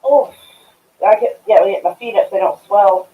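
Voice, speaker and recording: A woman's voice: medium pitch, normal speed. A woman hosting a casual livestream chat, giving wry reactions and swearing casually. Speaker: streamer host. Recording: dull, echoey, distant mic.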